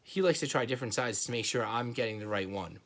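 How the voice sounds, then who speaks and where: A man reading a children's chapter book aloud in a steady storytelling manner. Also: mid-range voice, fast talker. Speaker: reader.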